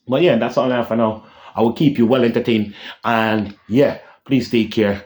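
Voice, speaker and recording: A man's voice: medium pitch, fairly even intonation, moderate pace, a little mellow. A man hosting a casual vlog rant, rambling and repeating himself, often tagging lines with "yeah?" and humming dramatic sound cues. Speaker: channel host.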